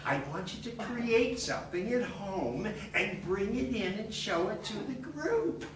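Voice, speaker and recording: Man doing a patronising therapy leader, chummy, soft, echoey distant theatre. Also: sits high, animated, unhurried, voice pushed up. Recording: echoey theatre recorded from afar, noisy.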